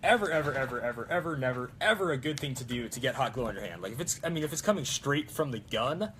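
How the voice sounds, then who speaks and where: A young man chatting casually while making a prop, rambling and excitable with lots of fillers. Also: medium pitch, fast talker, slight background noise. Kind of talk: casual crafting vlog chat.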